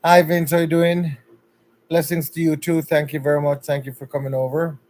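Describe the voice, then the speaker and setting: A chatty man with a Jamaican accent hosts a casual livestream from home. His voice sits a little high, and he greets each viewer by name in an upbeat way. A faint room hum stays in the background. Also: flat delivery, moderate pace, darkish tone, poor audio. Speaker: livestream host.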